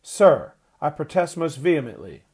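A man reading the part of an elderly grandfather, calling out forcefully and protesting. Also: medium pitch, a little fast, lightly acted. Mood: indignant. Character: indignant elderly grandfather, stern and proud.

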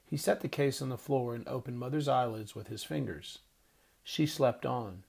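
A man's voice: medium pitch, gravelly, slightly rough. Man narrating an audiobook. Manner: measured, expressive reading. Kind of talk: scripted narration.

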